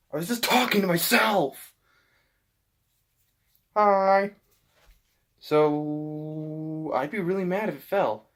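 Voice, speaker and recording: Brief: male vlogger, jumpy and animated, slow and drawn-out delivery, cusses freely. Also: on the high side. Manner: excitable, swears, yelps and shouts at misses; talks to his dog and himself. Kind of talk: casual self-talk while filming.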